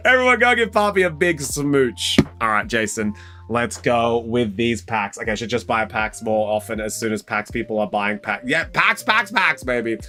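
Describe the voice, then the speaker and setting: A young Australian man hosting a casual live stream, chatty and excitable, calling viewers mate and bro and breaking into loud, high exclamations. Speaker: live stream host opening trading card packs.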